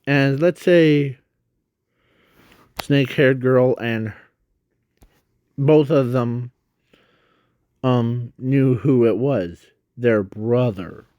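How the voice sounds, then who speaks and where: Speaking extremely slowly in a middle-pitched, darkish voice, a man narrates a made-up fan story. He rambles and halts, often stopping to correct himself, and the recording is dry with no room echo.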